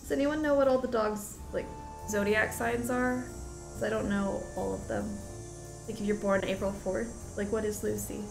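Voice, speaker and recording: A woman streams herself playing a detective game, chatting casually, giggling and reacting aloud. Her mid-range voice has vocal fry and fairly even intonation, at a normal speed. Game music plays in an echoey room.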